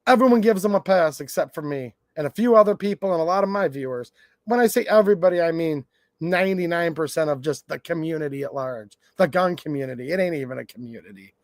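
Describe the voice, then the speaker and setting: A man's voice: on the high side, fast, no room sound, clean studio sound. A man hosting his channel, delivering a blunt, sarcastic rant to his viewers. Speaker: gun channel host. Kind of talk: ranting livestream monologue.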